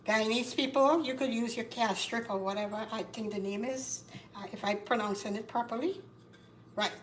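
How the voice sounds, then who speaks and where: A woman with a Caribbean accent hosting a casual cooking demonstration, chatty and repeating herself, getting loud and emphatic when she makes a point. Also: a little high, normal speed, distant mic, a little hiss or hum. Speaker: cooking show host. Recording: echoey kitchen, voice from off-mic. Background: faint clatter of pots and dishes.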